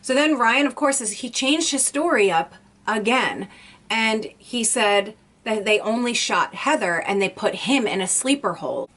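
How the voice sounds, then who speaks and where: A woman's voice: on the high side, expressive, a little slow, a bit bright. A woman YouTuber casually retelling a true crime story, rambling with restarts and lots of "like".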